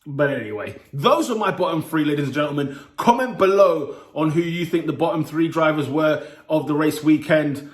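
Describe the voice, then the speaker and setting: A young man giving a lively, exclaiming solo review and playfully scolding as he goes. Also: a little high, normal speed, hardly any pauses. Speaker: motorsport commentator vlogger. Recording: echoey room.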